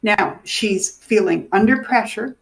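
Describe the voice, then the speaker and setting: Woman dementia educator, lively storyteller, voices the people she describes. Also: medium pitch, measured pace, gravelly. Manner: animated, acts out the people in her stories. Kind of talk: teaching through stories.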